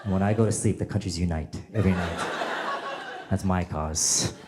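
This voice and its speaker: A man's voice: low-pitched, fairly even intonation, normal speed. A man doing a stand-up comedy set on a club stage, chatting with the crowd and acting out voices. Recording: echoey club with audience noise.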